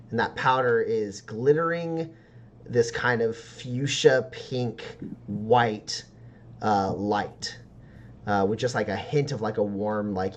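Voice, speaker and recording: A man narrating a tabletop game as game master, with halting descriptions full of fillers. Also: on the low side, lo-fi sound, slight background noise.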